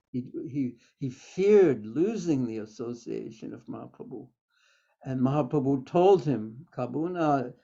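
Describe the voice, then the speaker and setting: A man's voice: mid-range voice, mellow. A man teaching a class on scripture, telling stories and quoting verses with occasional fillers. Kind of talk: scripture lecture. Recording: dull, lo-fi lecture recording.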